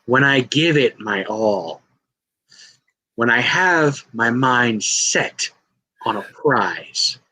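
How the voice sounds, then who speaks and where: A scornful, imposing woman wrestler, played by a man with a bright, husky voice, drawing out her threats slowly. She sounds sure she could take the title without trying. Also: medium pitch, sing-song, full character voice, poor audio. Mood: menacing. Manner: slow menacing threats.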